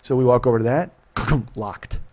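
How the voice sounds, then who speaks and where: A middle-aged man hosting a podcast tells a profane, animated story in casual conversation, acting out the dialogue himself. He speaks at medium pitch and a normal speed.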